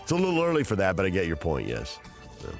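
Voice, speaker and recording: A man hosting a sports radio show, measured and informative. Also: low voice, huge pitch swings, faint music behind. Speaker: radio host.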